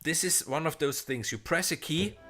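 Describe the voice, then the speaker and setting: A man's voice: on the high side, normal speed, a bit bright, faint music behind. A man composer live-streaming a walkthrough of a sample library, talking in a chatty, enthusiastic way with frequent restarts. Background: faint instrument demos playing.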